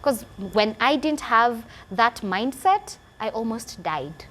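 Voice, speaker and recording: A woman's voice: on the high side, expressive, takes it slowly, fairly bright tone, a little hiss or hum. Earnest woman in her twenties. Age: 20s. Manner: emotional, earnest, repeats phrases for emphasis. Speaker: guest. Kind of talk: personal testimony interview.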